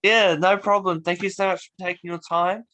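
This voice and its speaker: A man's voice: high voice, normal speed, a little hiss or hum. A young man, hosting a casual, easygoing interview chat. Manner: easygoing, relaxed, laid-back. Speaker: host.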